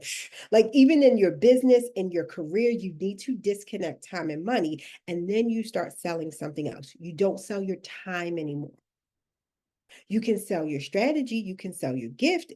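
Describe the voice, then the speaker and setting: A woman career coach giving a live online masterclass, animated and emphatic, laughing often as she coaxes her audience along. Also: fairly low pitch. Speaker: career and personal branding coach.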